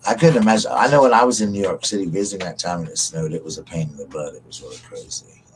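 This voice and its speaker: A man's voice: sits low, fast talker, crowd noise, low-quality recording. A man hosting a casual live stream, rambling and chatting to his viewers. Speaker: livestream host.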